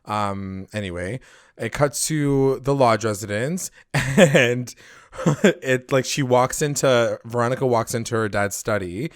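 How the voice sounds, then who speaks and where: A man co-hosting a podcast, recapping a TV episode in loose, profane casual chat, acting out the characters' lines in quick put-on voices. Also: medium pitch, dry recording, studio quality. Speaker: podcast co-host.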